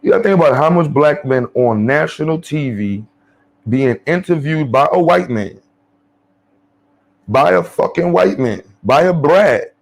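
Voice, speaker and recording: Speaking in a creaky, fairly high voice at a measured pace, a commentary channel host offers off-the-cuff social commentary. He comes across as a blunt, profane New man ranting, animated and rambling, with frequent fillers and restarts.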